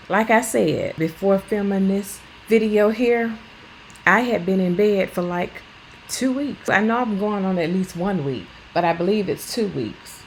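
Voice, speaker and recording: Cleaning at home, a lifestyle vlogger in her fifties chats casually in a medium-pitched, slightly mellow voice, earnest and bluntly plainspoken. A little hiss or hum runs through the rough recording.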